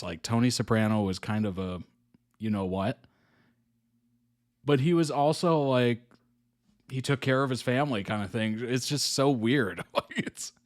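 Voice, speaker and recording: A young man chats his way through a reaction video at a mid pitch, rambling casually. His talk is loaded with fillers and he chuckles often as he goes. The tone is loose and unscripted.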